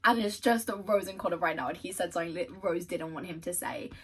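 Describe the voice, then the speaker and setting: A woman's voice: on the low side, brisk, far from the mic, rough recording. A young woman book vlogger chatting casually and gushing over quotes she reads aloud, swearing now and then. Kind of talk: casual chat and reading aloud.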